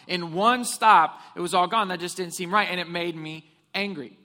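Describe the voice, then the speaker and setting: The long reverb of a church hall surrounds a pastor whose sermon mixes funny stories with questions to the congregation. His high-pitched voice is bright and forceful, with fairly even intonation at a normal speed.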